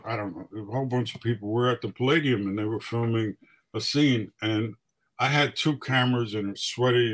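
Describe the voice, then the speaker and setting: Older man telling animated stories. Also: medium pitch, poor audio. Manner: animated storyteller, acts out quotes. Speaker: guest photographer. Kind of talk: casual storytelling.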